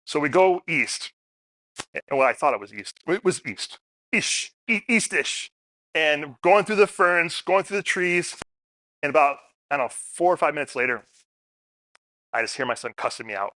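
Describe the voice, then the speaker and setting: In a meeting room, a middle-aged man addresses a community forum, sharing casual stories and putting questions to the audience. He speaks at a moderate pace with a bright, forceful voice on the high side, recorded dry with clean studio sound.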